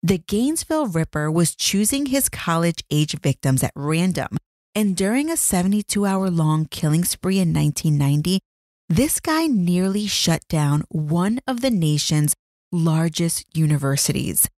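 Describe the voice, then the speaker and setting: A woman's voice: fairly low pitch, animated, normal speed, darkish tone, no room sound, clean studio sound. A woman hosting a true crime podcast, telling the story as scripted narration with dramatic build-up and chatty asides to the listener.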